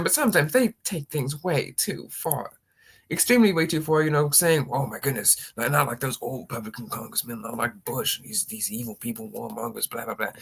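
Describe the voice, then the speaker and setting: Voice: medium pitch, fairly bright tone. A rambling political commentator talking casually, with many restarts and mocking impressions of opponents.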